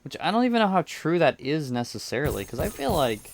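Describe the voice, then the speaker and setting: A man's voice: on the high side, big pitch swings, fast talker, slight background noise. A man chatting casually while he plays a game, rambling and hesitant, often restarting his sentences. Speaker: gaming video creator. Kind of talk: casual chat while playing.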